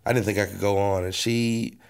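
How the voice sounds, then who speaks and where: A man's voice: lowish voice, fairly even intonation, fairly quick, gravelly, clear, resonant tone. A man, a pastor, earnestly telling his personal testimony in an interview. He often repeats words as he restarts a thought.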